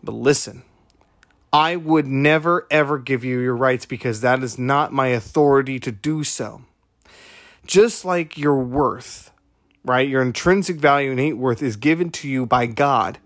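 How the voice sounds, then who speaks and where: A man's voice: medium pitch, normal speed, fairly bright tone, no echo, studio quality. A man hosting a podcast, retelling a conversation and making his point in an emphatic, preachy way with repeated rhetorical questions. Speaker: podcast host.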